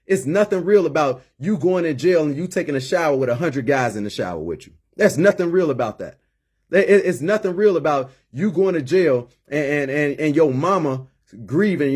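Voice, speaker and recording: A man in his late thirties speaks with a husky, slightly raised voice. He talks in an emphatic, preachy way and stacks up repeated words as he builds each point, like a mentor pleading with his listeners. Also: fairly high pitch, expressive, moderate pace, a little mellow. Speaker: former inmate turned community mentor. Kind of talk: impassioned personal monologue.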